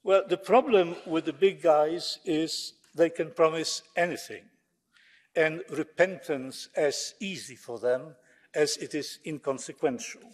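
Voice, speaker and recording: A man delivers a formal parliamentary speech, sharp and sarcastic in its jabs. His voice sits somewhat high for a man. It carries the long echo of a large debating chamber. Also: a little slow. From Poland. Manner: sarcastic, combative oratory. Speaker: member of parliament. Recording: long reverb of a large hall.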